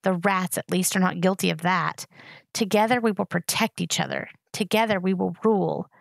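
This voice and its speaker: A woman's voice: fairly low pitch, fairly even intonation, moderate pace, creaky, no room sound. A woman reading aloud voices a cold, insistent young royal traitor in a storybook. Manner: cold, urgent.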